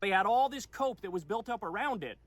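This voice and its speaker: A man's voice: high voice, lively intonation, brisk, no room sound. A man delivering a political commentary video in an emphatic, insistent way.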